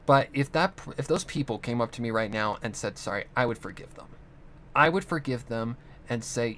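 A man's voice: mid-range voice, animated, fairly quick, a bit bright, a little hiss or hum. A young man talking into the camera in a rambling, earnest monologue, swearing often as he talks about his own past. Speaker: channel host. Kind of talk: casual monologue.

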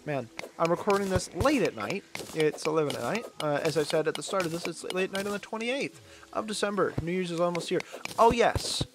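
Rambling, self-mocking young gamer man. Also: on the high side. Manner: rambling, self-mocking, quick to laugh, dramatic groans when hurt. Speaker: gaming channel host. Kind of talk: casual let's-play commentary.

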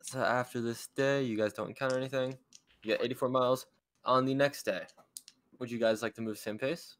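A young man narrating as dungeon master in a casual tabletop game, pausing often with fillers. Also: medium pitch, steady tone, a bit bright, no room sound.

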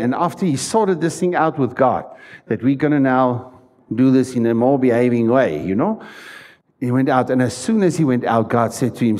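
A man's voice: mid-range voice, expressive, normal speed, darkish tone. A man preaching a sermon in a church, stressing his points and putting questions to the congregation. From South Africa. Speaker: pastor.

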